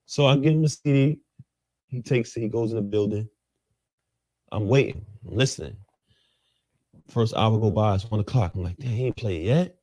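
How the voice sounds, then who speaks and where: A man's voice: normal speed, long pauses, darkish tone, no echo. A man telling his story as an interview guest, full of street slang and acting out the lines of the people in it. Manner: street slang, acts out quotes with jumps in pitch. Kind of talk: animated storytelling.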